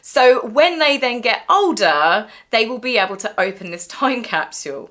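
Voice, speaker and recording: Bright-voiced sarcastic woman vlogger. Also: a little high, animated, normal speed. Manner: mocking, gossipy. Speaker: royal commentary vlogger. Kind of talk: sarcastic commentary.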